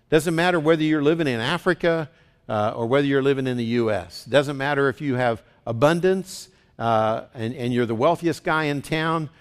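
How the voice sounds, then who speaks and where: A pastor preaching a sermon in church in a conversational way, asking the congregation questions. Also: male voice, medium pitch.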